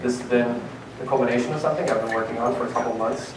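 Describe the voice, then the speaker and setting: A man's voice: medium pitch, fairly even intonation. Young man presenting in a roomy hall. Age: young adult. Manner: earnest, slightly halting with fillers. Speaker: conference speaker. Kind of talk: prepared presentation talk. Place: conference hall. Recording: roomy, distant mic, faint noise.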